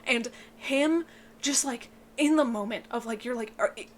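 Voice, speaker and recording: An excitable woman giving an emotional, casual book review, swearing often and sounding tearful. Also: moderate pace, slight background noise. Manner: excitable, swears a lot, voice breaks into high yelps.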